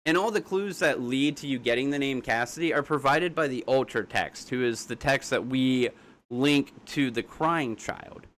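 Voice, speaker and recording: Young male streamer, blunt and argumentative, rapid casual chat. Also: mid-range voice, a bit bright. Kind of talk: casual live-stream talk.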